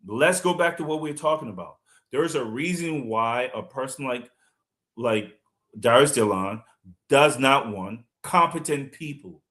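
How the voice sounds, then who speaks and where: A man's voice: on the high side, fairly bright tone. A man from Liberia giving fiery, combative political commentary on a live stream, speaking emphatically.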